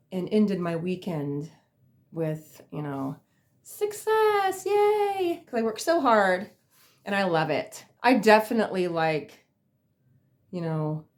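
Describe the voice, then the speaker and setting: A woman casually telling funny work stories on her vlog, rambling with lots of fillers and laughing at herself. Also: on the low side. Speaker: vlogger. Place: at home in a chair.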